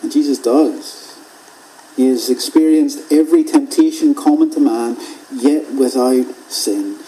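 A man preaching an expository sermon in a measured way, repeating phrases for emphasis and dropping to a hush at key points. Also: medium pitch, poor audio.

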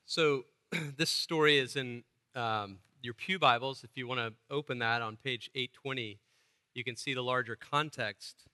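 A man's voice: on the high side, sharp tone, clean tone. A man preaching a sermon, retelling a Bible story in a conversational way and acting out the speakers. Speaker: pastor.

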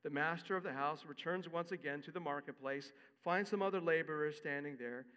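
A male pastor preaching in a high, bright voice, with a casual and expressive delivery. His words ring out through a long church reverb. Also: a little fast, smooth. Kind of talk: sermon.

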